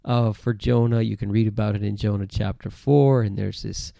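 Male preacher, gravelly and mellow, conversational sermon delivery with restarts, dry close sound. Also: fairly low pitch, steady tone, normal speed, no room sound. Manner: conversational, repeats words and restarts. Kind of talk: sermon-style Bible teaching to camera. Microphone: camera mic, close.

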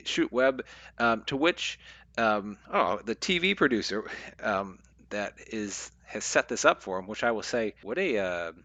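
A man's voice: lowish voice, fairly bright tone, no echo, dull audio. A man co-hosting a casual talk show, discussing a comic book with frequent fillers and restarts. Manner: halting, many fillers and restarts. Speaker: podcast co-host.

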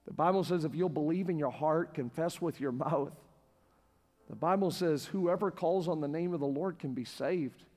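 A man preaching a sermon as pastor to a congregation in a church, passionate and repetitive, building to near-shouting. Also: fairly high pitch, moderate pace. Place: church sanctuary with live congregation. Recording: long hall reverb with faint music.

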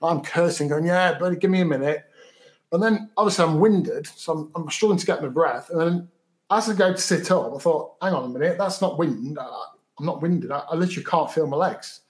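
A man, a guest in an interview, recounting a story in a halting, matter-of-fact way with many repeated words. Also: on the high side.

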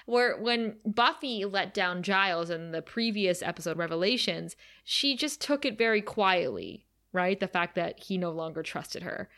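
A woman co-hosting a podcast in casual chat, animated and acting out scenes as she recaps them. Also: medium pitch, moderate pace, few pauses. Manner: animated, quotes scenes in character voices. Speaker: podcast co-host.

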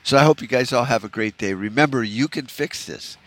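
A man's voice: mid-range voice, brisk. A man hosting a solo podcast, delivering a rambling, profane rant in a discouraged, bitter tone, full of "you know" fillers. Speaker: podcast host.

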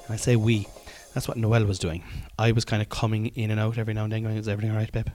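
A man with a Cork Irish accent talks at his podcast mic in a casual, rambling way, self-mocking and peppered with ums and restarts. His voice sits a little on the low side, and faint music hums underneath. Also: little pitch movement, fast, a little mellow. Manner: chatty, self-deprecating, full of fillers and restarts. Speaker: comedian and podcast host.

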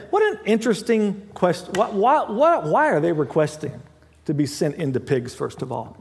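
A male pastor with a fairly high voice delivers a relaxed, conversational sermon, stopping to correct himself and add asides. His pitch rises and falls a lot. The voice carries a long reverb, as if recorded in a large hall. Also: normal speed.

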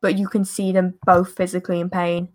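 A woman's voice: fairly low pitch, level tone, fairly quick, darkish tone. Woman game master narrating casually. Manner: casual, rambling, hesitant.

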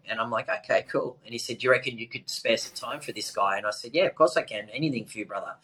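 A man's voice: mid-range voice, quick pace, breathy edge, rough recording. A man, hosting a podcast and telling a casual anecdote with lots of fillers. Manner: relaxed, animated anecdotes with many fillers. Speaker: podcast host. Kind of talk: casual storytelling.

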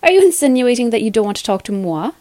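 A woman's voice: fairly high pitch, sing-song, fast talker, a little mellow, no echo. A woman voicing a cheerful, teasing sister and new mother with a playful, chirpy way of talking.

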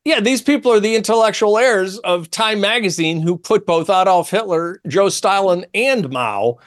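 Animated, emphatic male talk radio host. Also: high-pitched, normal speed. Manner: animated, emphatic, quotes others in changed tones.

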